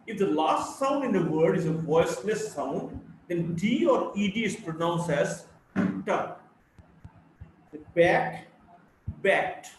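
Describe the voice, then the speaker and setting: A man from India with a Bengali English accent, giving a slow phonetics lecture and reading word lists aloud, repeating words for drill. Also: sits high, distant mic. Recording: very echoey room, faint background hum.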